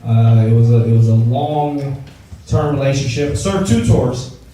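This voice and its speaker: A man's voice: mid-range voice, unhurried. A young man doing a stand-up comedy set, chatting loosely and joking with the audience. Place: event venue before a live audience. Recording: echoey room from far off, loud crowd.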